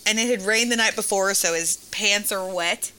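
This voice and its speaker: A woman's voice: medium pitch, normal speed, bright, forceful tone, clear, resonant tone. A woman in her thirties, a mother, telling a family story in casual chat, laughing often and acting out her kids' voices.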